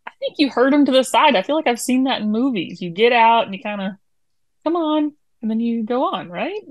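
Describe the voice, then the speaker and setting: A woman's voice: a little high, fast talker, no echo, lo-fi sound. A woman co-hosting a podcast in casual chat, with dry teasing remarks. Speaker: podcast co-host.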